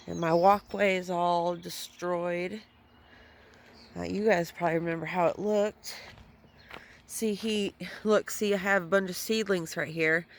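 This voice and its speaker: Slow, low-voiced woman vlogging outdoors. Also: steady tone, a little hiss or hum. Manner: chatty, swears when annoyed. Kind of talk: casual gardening vlog. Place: outdoors in a front yard.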